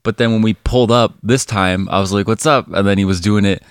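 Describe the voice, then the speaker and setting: Male podcast co-host, lower voice, rambling casual storyteller, laughs and swears, dry recording. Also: steady tone, fast talker, clear, resonant tone, no echo.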